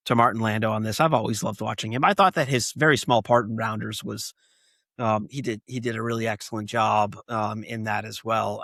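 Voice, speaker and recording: Halting, filler-heavy man podcasting. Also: fairly low pitch, fairly bright tone, no room sound. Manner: halting, full of fillers and restarts; acts out quoted lines in put-on voices. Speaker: podcast co-host. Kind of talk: casual movie podcast chat.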